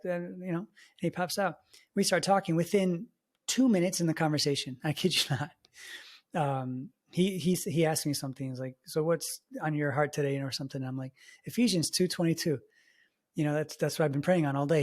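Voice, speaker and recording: A man co-hosting a podcast, telling a story in casual chat and acting out the voices of the people in it. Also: fairly high pitch. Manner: animated storyteller, acts out quoted voices. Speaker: podcast co-host.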